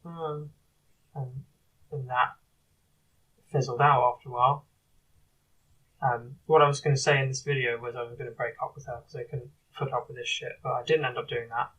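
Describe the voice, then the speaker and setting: A man recording a confessional video diary, talking in a halting, rambling way with many restarts. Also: mid-range voice, flat delivery, a bit bright, recorded from a distance, rough recording. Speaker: video diarist.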